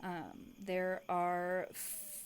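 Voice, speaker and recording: A woman's voice: fairly low pitch, flat delivery, extremely slow, slight background noise. Casual woman game master. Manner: casual, many fillers and restarts. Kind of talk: narrating a tabletop game.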